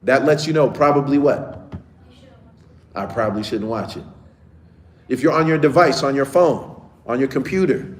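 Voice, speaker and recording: A man's voice: medium pitch, normal speed, pauses often. A man who is a teacher giving a casual lesson to children, often checking in with the class as he talks. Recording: echoey room with faint ambience.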